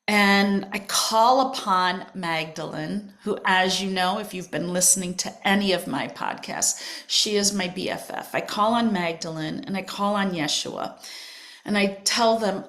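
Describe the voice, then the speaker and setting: An older woman hosting a podcast, telling a personal spiritual story in a soft, emotional way that drifts into whispers. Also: mid-range voice, unhurried. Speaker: podcast host.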